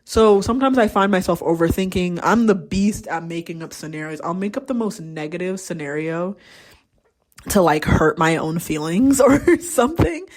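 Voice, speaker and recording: A woman's voice: lowish voice, lively intonation, normal speed, a little mellow. A young adult woman hosting a podcast, talking candidly in a casual solo monologue and swearing freely. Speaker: podcast host.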